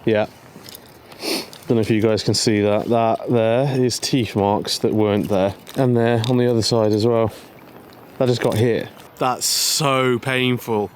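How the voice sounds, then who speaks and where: A man's voice: mid-range voice, fairly even intonation, a little slow, slight background noise. A young man talking casually to the camera as he fishes and hikes by a lake, chatty and self-mocking, often talking to the fish. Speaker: outdoor vlogger. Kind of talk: casual talk to camera while fishing and hiking. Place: outdoors by a lake. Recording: music playing behind the voice.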